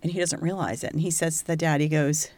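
Woman, low voice, casual podcast storytelling, animated, dry close sound. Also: fast, no echo. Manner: animated, swears freely, acts out quotes. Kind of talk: casual true-crime podcast chat.

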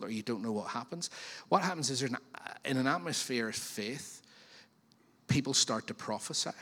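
A man preaching a sermon as pastor, in a chatty, animated way with frequent questions to the congregation. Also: mid-range voice. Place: church auditorium. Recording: long reverb of a church hall.

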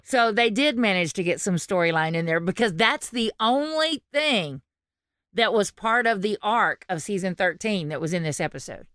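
A woman's voice: mid-range voice, lively intonation, normal speed, fairly bright tone, dry recording, studio quality. A woman hosting a podcast in casual chat, rambling with restarts and frequent laughter. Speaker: podcast host.

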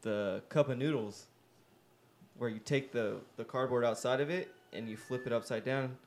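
Man, podcast co-host, casual chat, gravelly fry, offhand, relaxed swearing. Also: medium pitch, normal speed, slight background noise. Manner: laid-back, offhand, profane.

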